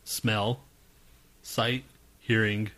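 A man's voice: fairly low pitch, flat delivery, drawn-out words, a bit bright. A man co-hosting a podcast, chatting in a crude, profane and irritable way. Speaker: podcast co-host. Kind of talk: crude casual banter.

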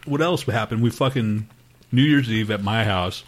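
A man's voice: lowish voice, moderate pace. A man hosting a podcast in casual chat, crude and joking, swearing often and laughing a lot. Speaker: podcast host.

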